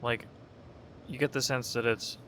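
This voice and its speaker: A man's voice: mid-range voice, steady tone, a little slow, sharp tone, a little hiss or hum. A young man casually commenting while flying in a game, rambling, correcting himself, and sounding half awake. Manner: rambling, self-correcting, sleepy. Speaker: gaming video creator. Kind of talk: casual live commentary over a flight game.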